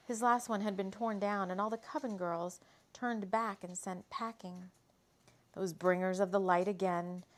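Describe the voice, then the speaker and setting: Brief: woman storyteller, mid-pitched, leisurely dramatic reading with casual asides. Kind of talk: reading a spooky romance story aloud.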